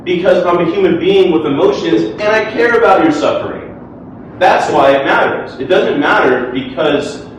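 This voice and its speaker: A man whose voice sits on the high side debates formally before a hall audience at a normal speed, earnest and casual in tone with frequent filler words. There's a little hiss or hum, and the far-off mic captures plenty of room echo.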